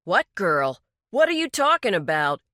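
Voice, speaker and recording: A woman's voice: medium pitch, expressive, measured pace, sharp tone, no echo. A woman voicing a frightened, defensive young male mechanic, talking in a raised, anxious way. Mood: flustered, defensive.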